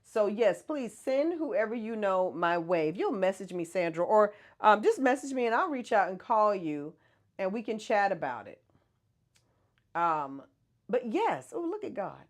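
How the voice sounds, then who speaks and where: A woman's voice: mid-range voice, sing-song, measured pace. A woman hosting a casual livestream, chatting and answering viewer comments with frequent laughs. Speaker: host of a hair care brand livestream.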